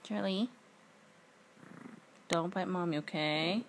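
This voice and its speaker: A woman's voice: on the low side, takes it slowly, slight background noise. A woman talking affectionately and teasingly to her pets in a casual home video. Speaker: dog owner. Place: home, indoors.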